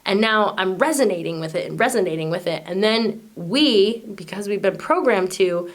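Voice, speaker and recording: A woman's voice: medium pitch, animated, normal speed. A woman hosting her own channel, explaining a spiritual idea in a casual, earnest way that wanders, with frequent fillers and restarts. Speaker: channel host.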